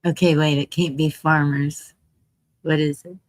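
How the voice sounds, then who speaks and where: A woman's voice: low voice, level tone, measured pace, dry recording. A woman from San Antonio co-hosting a casual live stream, giggly and laughing often. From San Antonio, Texas.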